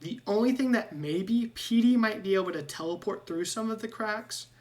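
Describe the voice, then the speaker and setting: A woman running a tabletop game as dungeon master, speaking in halting bursts with frequent restarts. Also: mid-range voice, darkish tone. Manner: halting, restarts often with filler likes.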